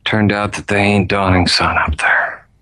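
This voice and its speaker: A man's voice: fairly low pitch, fairly even intonation, normal speed, bright, forceful tone, dry recording. A man voicing a rambling drunk who was beaten and held captive, stammering and repeating himself. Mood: rattled, rambling. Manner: stammering, trailing off, repeating words. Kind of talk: tabletop role-play voice.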